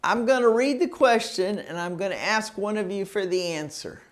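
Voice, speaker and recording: A woman teaching a citizenship test class, patiently drilling pronunciation and sounding out words syllable by syllable. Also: mid-range voice. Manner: slow, patient, over-enunciating words.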